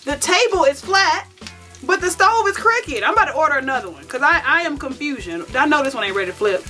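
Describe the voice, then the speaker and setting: Chatty high-voiced woman, bright tone. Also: animated, a little fast. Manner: chatty, self-mocking, talks straight to viewers as "y'all". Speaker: vegan cooking channel host. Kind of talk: casual cooking vlog chat. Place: home kitchen. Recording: distant mic with faint music.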